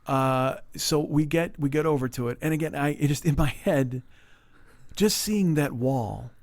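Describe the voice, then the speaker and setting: A man's voice: fairly high pitch, measured pace. A middle-aged man hosting a podcast, telling a comic story with lots of swearing and acting out the people he quotes. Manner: animated, acts out people he quotes, swears freely. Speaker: podcast host. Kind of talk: comedic storytelling chat.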